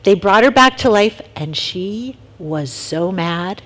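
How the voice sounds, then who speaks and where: A woman leading a casual youth talk for middle schoolers, telling lively stories and asking the group questions. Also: mid-range voice, slow pace.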